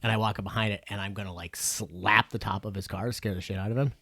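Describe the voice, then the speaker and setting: A man co-hosting a podcast, telling stories in casual, profane, animated chat. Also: lowish voice, quick pace, no room sound, clean studio sound. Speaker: podcast co-host.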